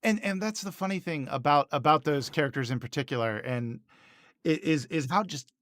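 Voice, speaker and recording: A man's voice: fairly high pitch, brisk, fairly bright tone. A man co-hosting a podcast, retelling TV scenes in casual chat with lots of fillers and restarts. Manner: rambling, many restarts and fillers. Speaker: podcast co-host.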